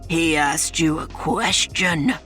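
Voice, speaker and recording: A woman voicing a hungry male wolf creature with a raspy, hissing voice, drawn out slow and deep. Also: fairly bright tone, faint music behind. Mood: growling hungry.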